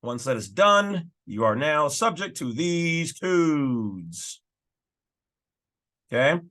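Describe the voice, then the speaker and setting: A man's voice: fairly high pitch, big pitch swings, slow, bright, forceful tone. A man hosting his own channel, casually talking through and reading legal documents with folksy, emphatic asides. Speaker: channel host.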